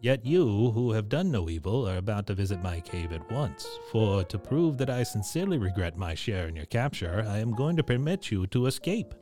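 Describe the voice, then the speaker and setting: A man voicing a soft-spoken, regretful male spirit in a storybook reading, with a soft, pleasant, pleading tone. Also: lowish voice, very animated, moderate pace, few pauses, faint music behind.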